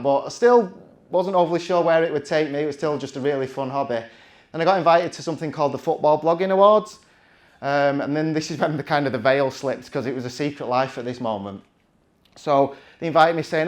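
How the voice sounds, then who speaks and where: A man's voice: medium pitch, a little fast. A man, telling a chatty, self-mocking story from the stage with plenty of restarts. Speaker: conference speaker.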